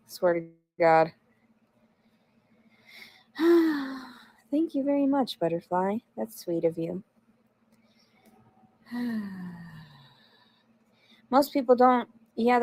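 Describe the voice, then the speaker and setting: A livestreamer with a medium-pitched, slightly mellow voice reads and answers her chat in a casual stream, rambling along bluntly and profanely.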